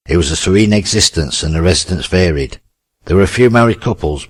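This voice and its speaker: Casting: low, husky male narrator, steady audiobook read, dry close sound. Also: dry recording. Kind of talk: scripted narration.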